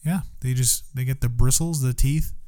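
A woman's voice: extremely low pitch, moderate pace, mellow. Joking, freely swearing woman. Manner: joking, swears freely, jumps into silly voices. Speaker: podcast co-host. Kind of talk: casual chat.

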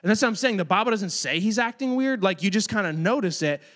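A man with a fairly high, expressive, slightly bright voice speaks quickly as a youth pastor giving a casual, joke-filled sermon to kids in a youth group room. He's chatty, says "like" a lot, and talks to the children and keeps them in line as he goes.

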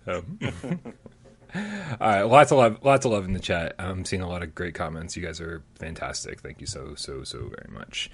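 A man's voice: low voice, normal speed, slightly rough. A man co-hosting a casual gaming news show, joking, laughing often and talking loosely with many fillers. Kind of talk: casual chat.

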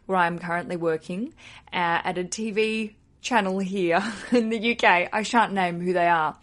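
A woman's voice: lowish voice, fairly even intonation, moderate pace. An Australian woman hosting a podcast, chatting casually in a playful, self-deprecating way. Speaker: podcast host. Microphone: podcast microphone.

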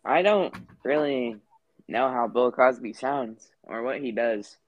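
A young man co-hosting a casual chat with friends, tossing out teasing deadpan provocations. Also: medium pitch, takes it slowly, dull audio. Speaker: podcast co-host.

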